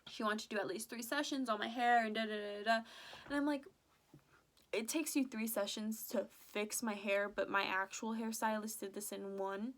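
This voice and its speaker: Her voice is a little high and moves at normal speed. This young woman vlogger narrates a casual storytime, chatty and lively, peppering it with "like" and quoting the back-and-forth between people.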